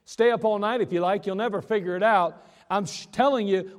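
Guy preaching, folksy and jokey, higher voice, big echoey hall. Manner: folksy, joking asides, emphatic slowdowns. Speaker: pastor. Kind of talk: sermon.

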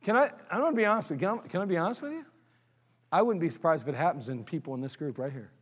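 Blunt high-voiced preacher man. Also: animated, racing, husky. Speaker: pastor. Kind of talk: sermon. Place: church sanctuary. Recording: long hall reverb of a church sanctuary.

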